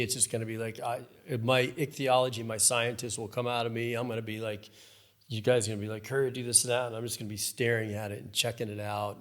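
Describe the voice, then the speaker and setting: A man in his fifties, a professional angler, telling stories in a casual podcast conversation and acting out the people in them. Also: lowish voice. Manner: storytelling, animated, acts out voices. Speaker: guest, professional fly fishing angler.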